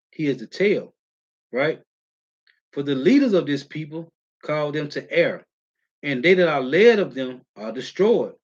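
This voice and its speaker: A man preaching in a slangy, emphatic way, keeping up a steady "man" as he reads and comments on scripture verses. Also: medium pitch. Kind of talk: street-style scripture teaching, reading verses. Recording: muffled lo-fi audio.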